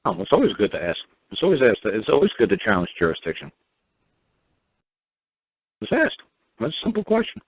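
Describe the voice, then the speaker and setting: A man's voice: on the low side, wildly swooping pitch, a little fast, pauses often, husky, dry recording. A man from New hosts a call-in show, blunt and profane, firing off repeated rhetorical questions. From New York. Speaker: radio show host. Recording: dry, tinny phone-line sound.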